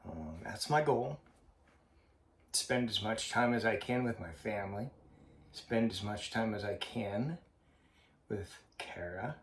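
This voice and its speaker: A man vlogging in a slow, halting, heartfelt way, with a frequent cough. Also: lowish voice, expressive. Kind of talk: personal vlog monologue. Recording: roomy echo.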